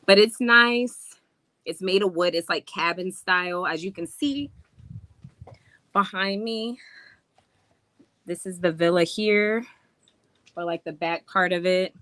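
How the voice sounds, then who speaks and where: A woman chatting to viewers in a casual live stream while showing a rental villa, talking in a slangy, relaxed way. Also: fairly low pitch, slow pace, long pauses, no room sound. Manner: chatty, addresses viewers, drops into slangy speech. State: out of breath from climbing stairs. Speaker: vlogger touring a rental villa.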